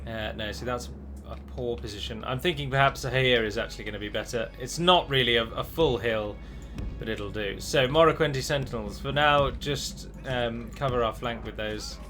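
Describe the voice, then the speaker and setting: A man's voice: mid-range voice, moderate pace, bright, forceful tone, faint music behind. A man hosting a strategy game let's play, chatty and rambling, with restarts and the odd dramatic flourish. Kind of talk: game commentary.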